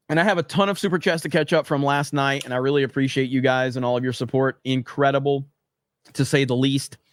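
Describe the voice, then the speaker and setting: A man's voice: medium pitch, steady tone, normal speed, long pauses, dry recording. A young man hosting a casual livestream, sarcastic and rambling with lots of fillers, talking close to a desk microphone. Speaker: livestream host.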